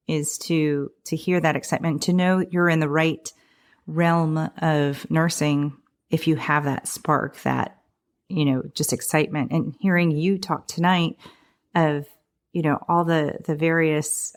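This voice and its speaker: Woman, podcast host, low voice, chatty, rambling stories. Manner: chatty, laughs while recalling, many restarts. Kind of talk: conversational podcast interview.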